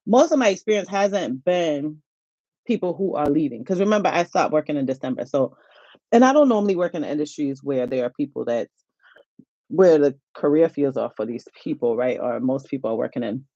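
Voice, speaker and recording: A middle-aged woman, hosting a casual live-stream chat, animated and laughing often. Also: low voice, a little fast, dry recording, muffled recording. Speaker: HR YouTube channel host. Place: home.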